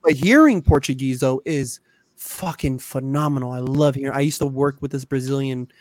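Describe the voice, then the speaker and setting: A man's voice: medium pitch, moderate pace, darkish tone, no room sound, clean studio sound. A man co-hosting a podcast in casual chat, rambling and effusive, swearing often. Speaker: podcast co-host.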